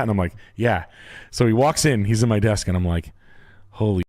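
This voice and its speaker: A man telling a funny story in casual chat, laughing and slipping into silly high-pitched impressions. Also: brisk, long pauses, darkish tone, dry recording.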